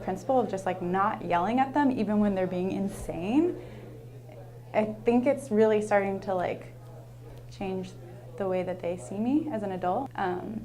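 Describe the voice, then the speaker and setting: A woman's voice: lowish voice, a little mellow. A young adult woman, a teacher, telling a personal story in a casual, rambling way, full of "like" and earnest asides. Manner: rambling, heavy use of "like", earnest.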